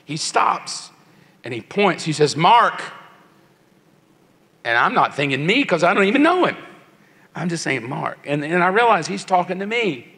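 A man's voice: high voice, very animated, normal speed, bright, forceful tone. A man in his sixties preaching a sermon to young people, telling a personal story with emotion and acting out the voices of others. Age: 60s. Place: large church hall. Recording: long church hall reverb.

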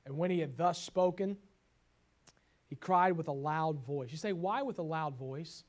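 High-voiced preacher, loud then hushed. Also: male voice, unhurried. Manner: swings from loud exclamations to hushed tender passages; reads scripture in old biblical wording. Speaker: pastor. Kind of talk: sermon.

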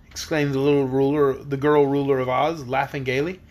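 A man's voice: fairly high pitch, fairly quick, hardly any pauses. A man reading a storybook aloud, with occasional small slips and restarts. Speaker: storybook reader.

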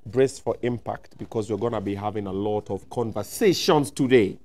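A man's voice: on the low side, normal speed, darkish tone. A man hosting a casual talk show interview, playful and teasing, switching between English and Swahili. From Nigeria.

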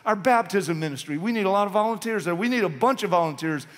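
A man's voice: high-pitched, lively intonation, fast talker. A male pastor preaching an impassioned, urgent sermon in a church sanctuary. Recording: long reverb of a church hall.

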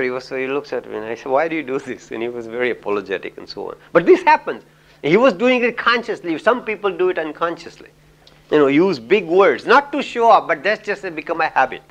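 A man's voice: a little high, animated, fairly quick, fairly bright tone. A man with an Indian English accent giving a lecture, telling anecdotes in a chatty way, full of "you know" and little chuckles.

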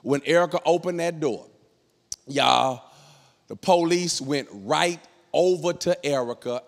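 A man's voice: fairly high pitch, measured pace, creaky, in a large hall. A middle-aged man telling a comic story on stage, acting out the voices of people in it. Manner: animated, acts out voices in his story. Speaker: comedian. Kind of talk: storytelling stand-up comedy.

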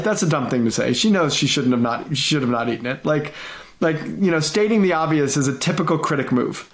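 A middle-aged man, a guest consultant, telling stories in a lively conversational way, acting out quotes and laughing often. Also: fairly high pitch, fairly quick, echoey room. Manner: animated, repeats and restarts, laughs often, acts out quotes. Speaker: guest, management consultant and author. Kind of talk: conversational interview storytelling.

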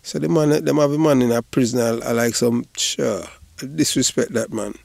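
Gravelly Jamaican man, rambling commentary. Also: medium pitch, normal speed, darkish tone, no room sound. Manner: rambling, repeats "you know", bursts into laughter. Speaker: online commentator. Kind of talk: casual patois commentary.

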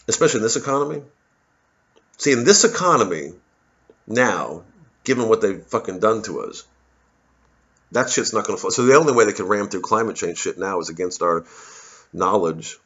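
A man's voice: lowish voice, a bit bright, highs cut off. A male comedian in a profane, rambling, sarcastic monologue to camera, with many restarts.

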